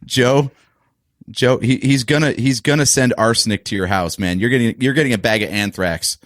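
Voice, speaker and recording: A man's voice: medium pitch, moderate pace, fairly bright tone, no echo, studio quality. A man co-hosting a casual podcast review, chatting in a laid-back, teasing way. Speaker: podcast co-host.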